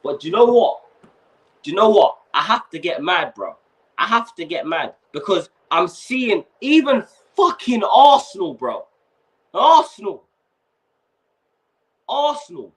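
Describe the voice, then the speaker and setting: A man's voice: high voice, very animated, measured pace, long pauses, fairly bright tone. A young man, hosting a casual fan livestream and ranting with slang and swearing while he's overheated. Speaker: fan channel host.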